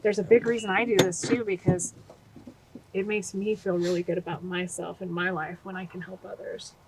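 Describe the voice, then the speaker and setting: Casting: middle-aged woman, earnest and animated podcast guest, some noise behind her. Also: on the low side, moderate pace. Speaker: guest, nonprofit founder. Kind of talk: podcast interview.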